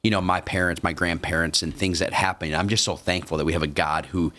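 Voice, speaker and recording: Deep-voiced guy on a bible podcast, earnest and thankful, lots of uh's and restarts. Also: fairly even intonation, fast, bright, forceful tone. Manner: earnest, agreeable, many restarts. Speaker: podcast co-host. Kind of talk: casual faith discussion.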